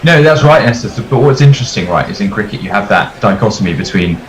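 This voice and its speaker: A man's voice: fairly low pitch, animated, quick pace. A man chatting as a cricket co-commentator, with a wry, dry sense of humor. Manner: wry, dry humor, laughs mid-sentence. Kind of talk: casual commentary-box chat. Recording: roomy echo on the voice.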